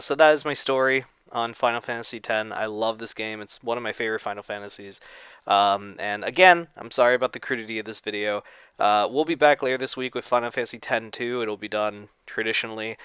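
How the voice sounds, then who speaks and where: A man's voice: fairly low pitch, fairly quick, a bit bright, clean tone, dry recording. A man telling a casual story to his channel viewers, rambling with many fillers and the odd swear word. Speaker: video creator.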